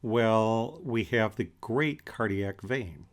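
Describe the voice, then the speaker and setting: A man teaching an anatomy lecture in a relaxed, conversational way as he points through pictures. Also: lowish voice. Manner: relaxed and conversational, with many fillers and pauses. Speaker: anatomy instructor.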